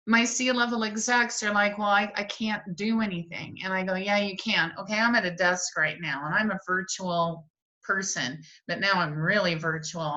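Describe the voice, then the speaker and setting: A middle-aged wellness coach runs a virtual workshop from her home office desk, her mid-range voice captured with lo-fi sound. She talks energetically and animatedly, acting out the voices of the people she quotes.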